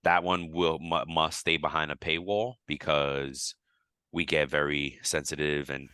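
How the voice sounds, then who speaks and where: A man co-hosting a podcast, chatting casually and animatedly, his voice leaping high when he acts out his own reactions. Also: a little slow, smooth, no room sound. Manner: animated, jumps to high pitch when quoting himself. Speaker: podcast co-host.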